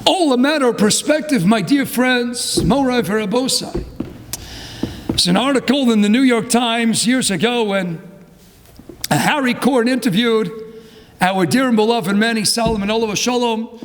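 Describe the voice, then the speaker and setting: A man, a rabbi, preaching a sermon, moving from a low hush to fervent, near-shouted passages. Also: expressive, moderate pace, long reverb tail. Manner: impassioned, swings from low hush to fervent crying-out.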